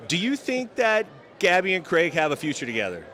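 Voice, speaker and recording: A man asking quick, playful interview questions on the spot at an event. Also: high voice, huge pitch swings, bright, forceful tone. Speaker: roving interviewer.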